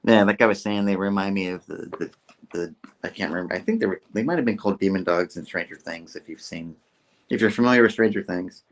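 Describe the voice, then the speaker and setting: A man with a fairly low voice hosts a casual comic book review. He rambles through the recap with restarts and filler and chuckles as he goes. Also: fast.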